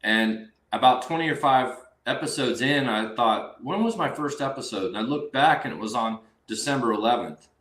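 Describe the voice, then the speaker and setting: A man hosting an interview show, sharing his story with eager warmth. His pitch sits mid-range. The room around him rings with echo. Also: normal speed, few pauses. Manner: eager, sharing a personal testimony. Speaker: podcast host. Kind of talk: casual interview chat. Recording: roomy echoing room.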